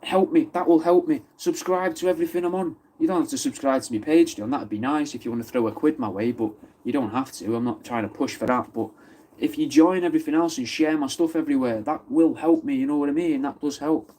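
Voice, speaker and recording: A livestream host from Wythenshawe, Manchester, chats casually in a Mancunian accent, answering viewers' comments and swearing freely. His voice is a little high, mellow, and a touch fast.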